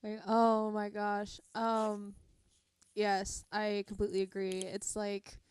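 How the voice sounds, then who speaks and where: A woman's voice: mid-range voice, monotone, slow, darkish tone, clear, resonant tone. A young woman co-hosting a fan podcast, speaking earnestly and thoughtfully. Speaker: podcast co-host. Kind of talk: casual fan podcast chat.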